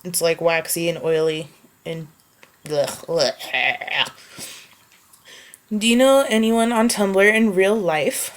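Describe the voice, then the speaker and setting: A woman making a casual voice post, answering questions wryly and reading a book passage slowly and evenly. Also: mid-range voice, smooth. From United States. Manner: offhand and wry, reads prose slowly and evenly. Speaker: vlogger answering a question meme.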